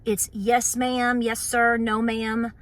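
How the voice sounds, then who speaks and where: A woman's voice: a little high, level tone, slow pace. A woman with an Appalachian accent, hosting her homestead channel and chatting casually to camera, full of fillers and playful mock voices.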